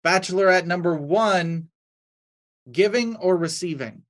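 A man's voice: high voice, a little slow. A man reads out lightning-round questions on a comedy podcast. He keeps a matter-of-fact tone, briefly announcing each contestant. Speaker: podcast producer. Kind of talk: reading quiz questions.

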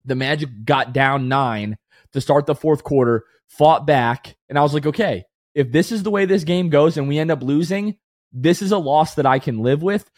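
A man's voice: fairly high pitch, moderate pace, dry recording. Emotional guy on a sports pod, teary but hyped, dry sound. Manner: excited, rising to shouts. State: tearful, emotional. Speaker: podcast co-host. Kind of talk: emotional sports podcast chat.

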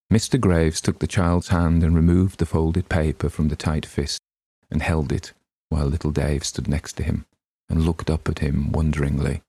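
Deep-voiced man narrating a story. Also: gravelly, breathy edge, no room sound. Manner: measured, expressive narration. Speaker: podcast host reading a short story. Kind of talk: dramatic story reading.

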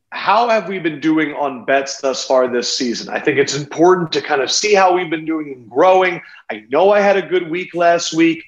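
Playful man on an echoey phone line. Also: fairly high pitch. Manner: excitable, playful, quick asides. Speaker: podcast host. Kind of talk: casual sports betting chat. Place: home in a city apartment. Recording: echoey room over a phone.

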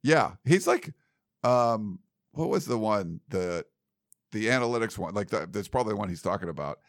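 A man's voice: fairly low pitch, expressive, moderate pace, no room sound, clean studio sound. A man co-hosting a podcast in casual chat, rambling and laughing easily. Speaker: podcast co-host.

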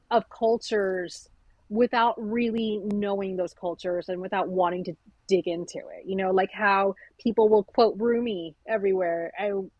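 A woman author from a South Asian family speaks candidly in a conversational interview, telling animated stories and acting out quoted remarks. Her voice is mid-range, the recording low quality with no room sound.

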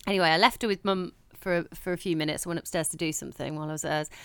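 Young woman podcast cohost, bright clear voice, bouncy chatty storytelling, swears and laughs. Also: low-pitched, fairly even intonation, rapid-fire, no echo. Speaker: podcast co-host. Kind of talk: casual chat.

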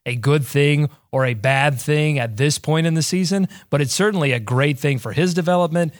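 A man's voice: on the high side, normal speed, no room sound, studio quality. A man with a head cold giving rambling, thoughtful analysis as a co-host on a casual sports podcast. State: has a cold, voice deeper than usual.

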